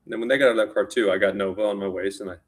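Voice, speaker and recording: A man's voice: on the low side, steady tone, very fast. A man telling a rambling personal story in a casual spoken style, often restarting and repeating words.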